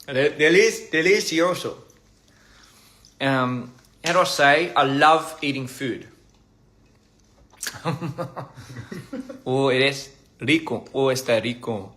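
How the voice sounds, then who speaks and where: A man chatting casually on a live stream during a meal, playful and halting, repeating phrases as he practices pronunciation. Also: medium pitch, sharp tone. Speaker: livestream host. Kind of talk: casual live-stream chat while eating.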